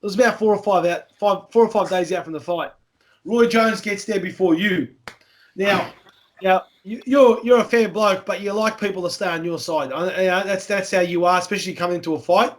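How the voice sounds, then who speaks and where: A man hosting a podcast, telling anecdotes in an animated, profane way and chatting casually with his guests. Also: high-pitched, brisk. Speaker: podcast host. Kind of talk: casual chat, storytelling.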